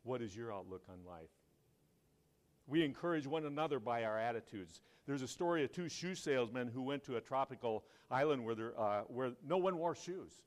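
A man preaching a sermon to his church, telling stories in a conversational way and rising to loud, emphatic peaks. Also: mid-range voice, lively intonation, moderate pace. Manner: conversational storytelling, asks the congregation questions. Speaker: pastor.

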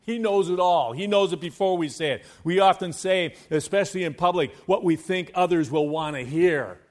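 A man preaching a sermon as pastor to his church, swinging between hushed, quiet stretches and loud, fervent passages, and chanting scripture in a sing-song cadence. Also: sits high, normal speed.

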